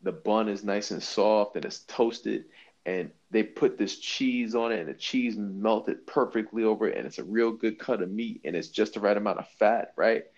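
A man co-hosting a podcast, talking in an animated, emphatic, slangy way and swearing freely. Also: lowish voice, moderate pace, highs cut off. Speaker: podcast co-host. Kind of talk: casual chat. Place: New York.

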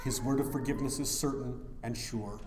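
A man's voice: mid-range voice, steady tone, fairly quick, slight background noise. Man preaching in a roomy hall. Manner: dramatic swings from quiet to loud preaching. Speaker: pastor. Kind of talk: sermon. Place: church. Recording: echoey church hall.

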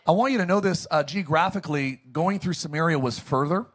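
High, husky-voiced preaching man. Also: fairly quick, a bit bright. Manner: jokey, calls for congregation responses. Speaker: pastor. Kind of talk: sermon.

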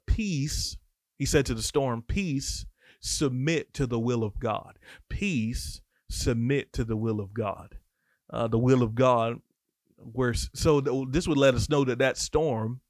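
A man teaching the Bible on a podcast in sermon style, reading scripture and breaking off into lively, casual asides. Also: medium pitch, no echo, studio quality.

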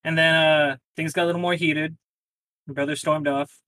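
A man casually recapping a tabletop game session, rambling and slipping into quick quoted lines. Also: a little high, flat delivery, pushed and bright, no echo, poor audio.

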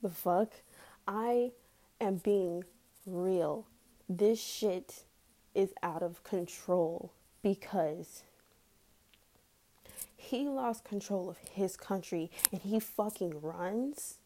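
A woman's voice: mid-range voice, very slow, long pauses, dark tone. A woman ranting heatedly in a casual vlog, swearing often and breaking into nervous laughs.

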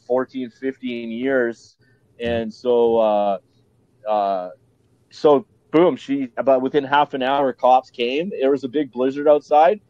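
A man's voice: mid-range voice, dark tone, no room sound, muffled recording. A man with a Canadian accent, a podcast guest telling his story bluntly and candidly, swearing freely and restarting often.

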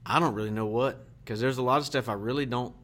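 A man speaking as a guest in a casual interview. He talks haltingly, pausing and searching for his words, at a medium pitch for a man. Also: fairly even intonation, fairly bright tone. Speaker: guest, church minister.

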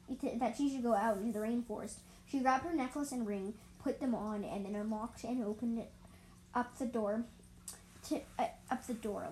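A woman's voice: fairly high pitch, warm tone, a little hiss or hum, rough recording. A woman reading a fantasy story aloud, stumbling and correcting herself as she goes. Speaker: story reader. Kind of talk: reading her own fan story aloud.

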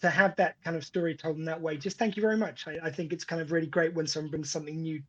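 A man hosting a podcast, chatting in an animated, enthusiastic way and laughing easily. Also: on the high side, fast talker. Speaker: podcast host. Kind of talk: casual podcast chat. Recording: dull lo-fi audio.

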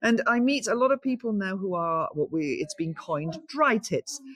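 A woman guest chatting in a lively, storytelling way, acting out the voices of people in her stories. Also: medium pitch, moderate pace, no echo. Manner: animated storyteller, acts out quoted voices. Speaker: guest, founder of a cold water swimming group. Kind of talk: lively anecdotal conversation.

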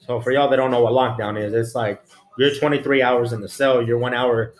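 A man's voice: mid-range voice, steady tone, a little fast. Blunt, profane man in a roomy room. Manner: blunt, profane, street slang. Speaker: podcast guest, former prison officer. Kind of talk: casual storytelling. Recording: roomy echo, faint music.

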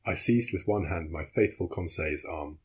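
Husky low-voiced male narrator. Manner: measured, steady reading. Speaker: audiobook narrator. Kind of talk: scripted narration.

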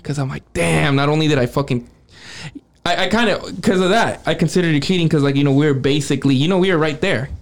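A man's voice: fairly high pitch, quick pace, gravelly. A man telling a personal story in casual podcast chat, swearing freely and acting out what others said. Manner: profane, animated, acts out quoted speech. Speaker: podcast co-host.

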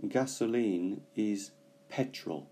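A man teaching English vocabulary, explaining slowly and carefully with frequent pauses. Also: fairly low pitch, dark tone. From Britain. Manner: slow, careful explanations with hesitations. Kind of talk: bilingual language lesson.

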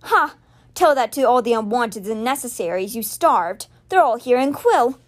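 A woman voicing a cold, sneering young male high priest who talks down to his brother. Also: animated, moderate pace, close to an everyday voice. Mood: scornful. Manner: sneering and cool.

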